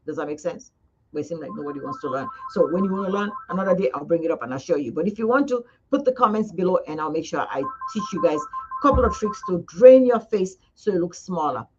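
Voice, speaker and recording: A woman's voice: on the low side, expressive, fast talker, breathy edge. A woman esthetician giving a casual live demonstration, chatty and coaxing, talking straight to her viewers. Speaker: esthetician demonstrating face massage. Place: skincare studio. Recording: slightly dull lo-fi sound.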